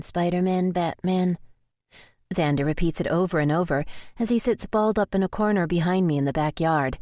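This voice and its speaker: A woman with a lowish voice reads a first-person romance audiobook, steady and tense in her storytelling. The sound is dry and close, with no room echo. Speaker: audiobook narrator.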